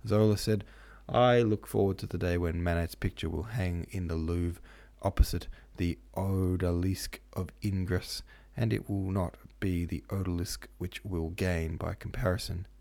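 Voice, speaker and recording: A man's voice: low voice, fairly even intonation, normal speed, creaky, hardly any pauses, darkish tone. A man voicing a hot-tempered young male painter who argues vehemently. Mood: heated. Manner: vehement, declaiming.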